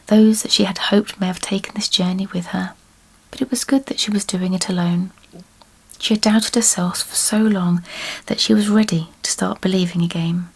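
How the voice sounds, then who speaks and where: Woman reading in a husky whisper. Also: medium pitch. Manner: slow, soft whispered reading. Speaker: ASMR storyteller. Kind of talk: whispered role-play.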